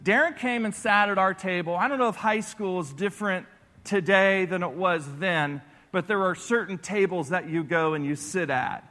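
A man preaching a sermon through animated personal stories. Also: sits high, normal speed. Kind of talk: storytelling sermon. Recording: echoey large hall.

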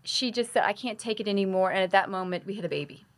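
A woman in her thirties, a nurse, telling a story in a relaxed conversational way and acting out her own quoted lines. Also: mid-range voice, fast. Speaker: nurse and guest.

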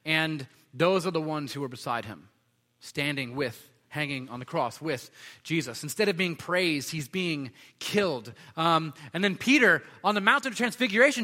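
Man preaching casually, bright voice in a hall. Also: on the high side, expressive, moderate pace. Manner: conversational, with frequent fillers and restarts. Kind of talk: sermon.

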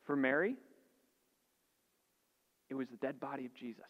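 A pastor preaching a sermon earnestly, building emphasis and asking rhetorical questions. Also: male voice, medium pitch, normal speed, in a large hall, lo-fi sound.

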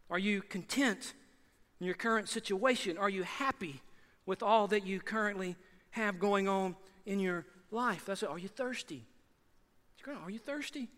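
Pastor, man, high bright voice, lively conversational sermon, big hall reverb. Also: measured pace, long pauses. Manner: lively, conversational preaching with repeated rhetorical questions.

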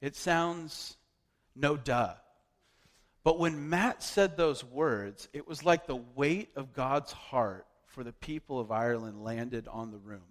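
A man telling a personal story as a sermon, chatty, with lots of fillers and restarts. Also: mid-range voice. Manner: conversational, loose with fillers and restarts. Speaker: preacher. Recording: long hall reverb.

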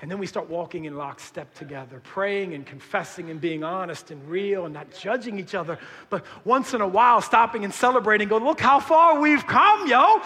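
Emphatic male preacher, high-pitched and bright, casual slangy delivery, reverberant church hall. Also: fairly quick, few pauses. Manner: emphatic, swings between hushed and shouting; conversational, uses slang. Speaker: pastor. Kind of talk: sermon.

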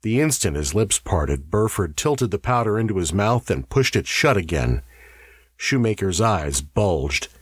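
Low, husky male storyteller. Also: no room sound, studio quality. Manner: measured, expressive storytelling. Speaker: narrator. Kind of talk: audiobook narration.

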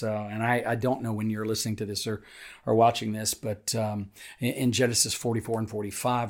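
A pastor with a gravelly edge in his voice reads a Bible parable and muses on it. He talks earnestly at a middle pitch, lifting his voice for quoted lines and dropping to soft, reflective asides. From Nashville, Tennessee. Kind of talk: devotional Bible reading and reflection.

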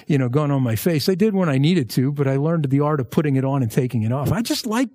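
A male pastor delivers a verse-by-verse sermon conversationally, with jokey asides and lively emphasis. His voice is fairly high and fast, recorded with no room sound.

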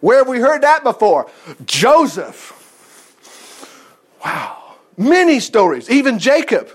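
A man's voice: very high voice, wildly swooping pitch, slow pace, breathy edge. A man teaching an informal Bible study. He talks bluntly and acts out the quotes in other voices.

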